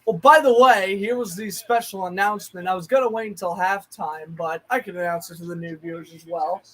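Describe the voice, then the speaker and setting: An excitable man with a strikingly high voice calls a football game play by play in a live fan watch-along. He chats and jokes with friends between snaps. He breaks into shouts when the big plays come. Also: fairly quick, poor audio.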